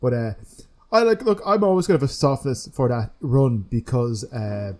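Bloke on a podcast, mellow warm voice, jokey and rambling. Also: male voice, medium pitch, expressive, normal speed. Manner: chatty, jokey, trails off and restarts. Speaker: podcast co-host. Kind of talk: casual chat.

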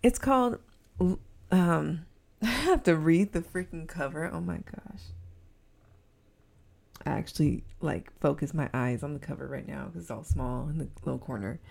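A young woman hosting her own podcast, rambling in a casual solo chat and breaking often into loud giggly laughter. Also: deep voice, moderate pace, creaky. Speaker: podcast host.

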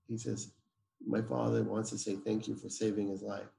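A man's voice: fairly low pitch, level tone, a little fast, vocal fry, warm tone, slight background noise. A man, a guest telling a personal story emphatically and acting out the dialogue. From Israel. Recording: roomy echo.

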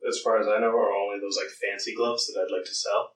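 A man's voice: fairly low pitch, level tone, fast, slight background noise. A man playing a tabletop game, talking casually with a wry edge. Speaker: player. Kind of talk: tabletop role-play chat. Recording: roomy, distant mic.

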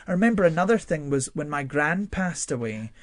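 A man's voice: on the high side, a little fast, no room sound. A young man in a studio interview, telling personal stories expressively with many fillers. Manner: expressive storyteller with frequent fillers and laughs. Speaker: guest. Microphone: studio microphone.

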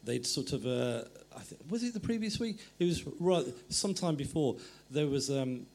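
A middle-aged author appears as a guest, telling anecdotes in a meandering way and often stopping to correct himself. His voice is a little high, with a darkish tone, animated at a moderate pace.

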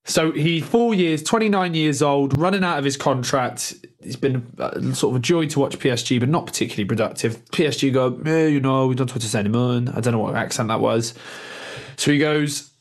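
A man's voice: medium pitch, brisk. A man co-hosting a football podcast in loose, casual chat. He rambles from point to point, laughs easily and swears without a second thought. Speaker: podcast co-host.

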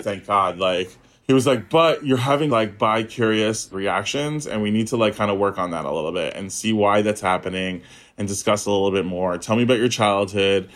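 A young man casually telling a personal story in a chat, animated and acting out the voices of people he quotes. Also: moderate pace. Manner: animated storyteller, acts out quoted voices with big pitch jumps. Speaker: podcast guest.

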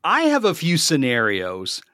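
Lively, animated male host. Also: on the high side, a little slow, dry recording, clean studio sound. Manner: playful, animated scenario-setting. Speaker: podcast host. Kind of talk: casual podcast conversation.

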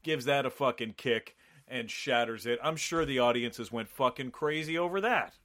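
A man co-hosting a casual movie podcast, animated and profane, cracking dark jokes. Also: mid-range voice, normal speed. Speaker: podcast co-host.

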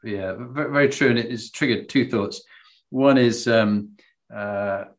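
Animated man telling stories. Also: fairly low pitch, unhurried. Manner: animated storyteller, self-deprecating. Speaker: host. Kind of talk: conversational interview.

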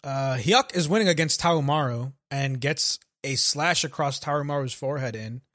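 A laid-back man chatting casually with friends, recapping scenes and cursing freely. His voice sits in an ordinary middle pitch. It sounds dry and close, with no room around it. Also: normal speed, a bit bright, dry recording. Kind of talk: casual anime recap chat.

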